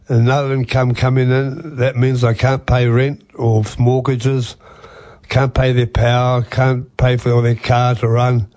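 Measured older male radio commentator. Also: mid-range voice, darkish tone. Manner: measured, hesitant with fillers. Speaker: regular commentator. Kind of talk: casual talk radio commentary.

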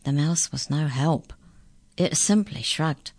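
Low, slow woman storyteller for children; dry close recording. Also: dry recording. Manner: unhurried, expressive reading. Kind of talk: storybook reading.

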